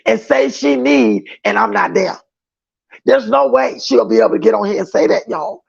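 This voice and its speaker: A man with a very high-pitched, gravelly, slightly rough voice hosts a livestream. He chats emphatically with viewers and reads their comments aloud, all captured in dull lo-fi stream audio.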